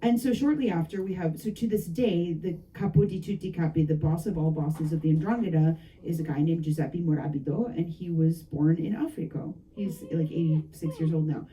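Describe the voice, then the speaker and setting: Brief: woman author, warm dark tone, chatty anecdotal storyteller, recorded from across the room. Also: fairly low pitch, fairly quick, hardly any pauses, distant mic, low-quality recording. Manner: lively anecdotal, frequent laughs and asides. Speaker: novelist discussing her book. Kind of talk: storytelling talk at a book event. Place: bookshop event.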